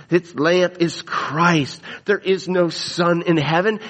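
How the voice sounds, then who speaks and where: A man preaching a sermon, emphatic, repeating phrases for stress. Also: fairly high pitch. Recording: long hall reverb.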